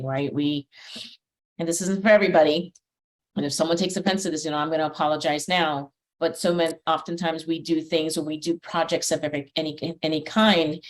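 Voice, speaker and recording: Low-voiced effusive woman host. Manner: effusive, emotional, rambling with restarts. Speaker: podcast host. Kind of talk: casual interview chat.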